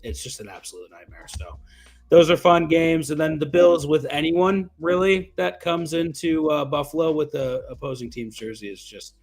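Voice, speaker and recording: A man's voice: fairly high pitch, normal speed. Profane man reading chat aloud. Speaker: podcast host. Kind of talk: casual sports chat.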